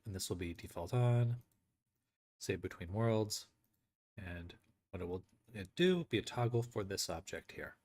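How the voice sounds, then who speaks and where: A man's voice: low-pitched, brisk, darkish tone. A man giving a casual screen tutorial on building an avatar, thinking aloud and correcting himself as he works. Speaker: avatar creator.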